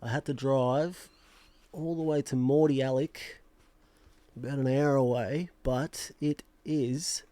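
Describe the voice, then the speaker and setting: A man's voice: mid-range voice, fairly even intonation, a little slow, pauses often, mellow, dry recording. A young Australian man hosting his own fantasy football channel, rambling in a casual, self-mocking way with lots of restarts. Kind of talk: casual vlog chat.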